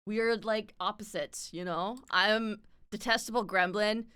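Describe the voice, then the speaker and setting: A woman's voice: mid-range voice, steady tone, measured pace, sharp tone, smooth, dry recording. A woman streamer chatting casually while she draws, swearing often and laughing a lot.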